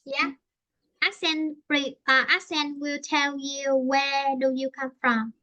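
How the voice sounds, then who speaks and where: A woman's voice: sits high, steady tone, slow, pushed and bright, dull audio. A woman with a Vietnamese accent teaching an English lesson, switching between Vietnamese and English and explaining with many fillers and restarts.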